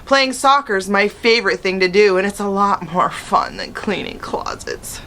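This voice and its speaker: Woman reading a children's book aloud, bright voice. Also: medium pitch, normal speed, slight background noise. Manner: expressive first-person narration. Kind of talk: storybook read-aloud.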